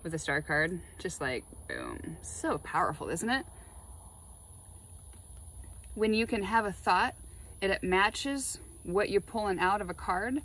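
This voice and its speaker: A woman chatting casually while laying out tarot cards, excitable and full of spiritual musings. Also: mid-range voice, a little slow, breathy edge, poor audio. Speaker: tarot reader.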